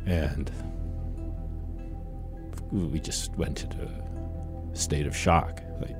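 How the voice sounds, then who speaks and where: A grieving father recalling events in an interview, halting, with pauses and fillers. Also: a bass voice, steady tone, music in the background. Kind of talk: interview recollection.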